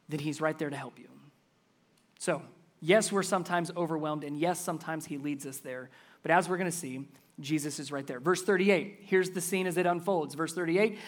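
A man preaching a sermon as pastor, earnest and building up to loud, emphatic passages. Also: sits high, normal speed.

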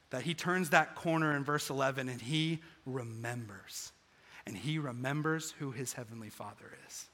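A man's voice: fairly high pitch, sharp tone. A young man preaching a sermon to a live congregation, telling a personal story earnestly and building to emphatic peaks. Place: stage in front of a live congregation.

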